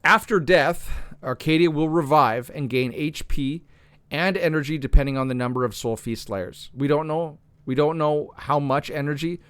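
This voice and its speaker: A man with a slightly hoarse voice reading game patch notes aloud and reasoning through them, often correcting himself mid-sentence. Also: on the high side, normal speed, a bit bright, dry recording. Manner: thinks aloud, restarts and self-corrects. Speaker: gaming content creator.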